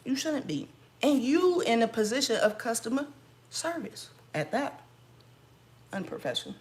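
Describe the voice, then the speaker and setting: A mom vlogger telling an animated, sassy story with frequent laughs in a casual chat at home. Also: female voice, fairly high pitch, normal speed, slight background noise.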